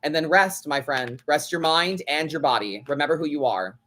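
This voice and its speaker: A man's voice: fairly high pitch, normal speed, a bit bright. A man hosting a live tarot stream, chatting casually in a blunt, sassy way and swearing freely. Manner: blunt, sassy, swears freely, acts out other people's lines.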